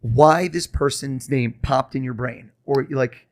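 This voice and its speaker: A young man, a mentalist guest on a podcast, talking fast and coaxing as he reads a host's mind live. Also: mid-range voice. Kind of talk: casual podcast talk with live mind-reading.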